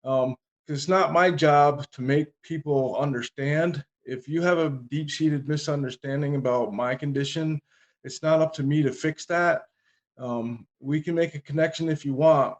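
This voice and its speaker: Man telling stories with dry humor. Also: on the high side. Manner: humorous anecdotes, dry comic timing. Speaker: podcast guest. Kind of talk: casual interview storytelling.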